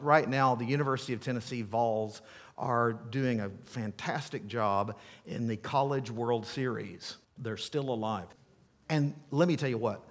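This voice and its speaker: A middle-aged pastor delivers a sermon with an emphatic, animated manner and playful asides. His voice sits at an ordinary middle pitch for a man. The sound carries the long reverb of a large church hall.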